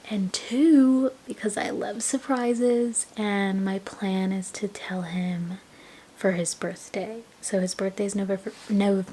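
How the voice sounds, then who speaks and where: A young adult woman sharing a casual personal vlog in a soft voice that often drops to a half-whisper, with small laughs along the way. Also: medium pitch, a little hiss or hum, poor audio. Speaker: vlogger.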